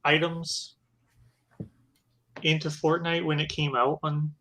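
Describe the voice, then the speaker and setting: Bright-voiced man in chat. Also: on the high side, flat delivery, slow pace. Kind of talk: casual chat.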